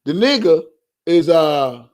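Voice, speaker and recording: A brash man, hosting an online show and talking profanely and loudly to his viewers. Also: on the high side, animated, takes it slowly. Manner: brash, loud, profane, repeatedly urging likes.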